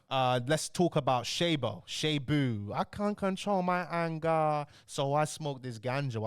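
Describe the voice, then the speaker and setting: A man's voice: mid-range voice, no room sound, clean studio sound. A young man with a London accent hosting casual reaction commentary, blunt and heated, full of slang. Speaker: commentary channel host.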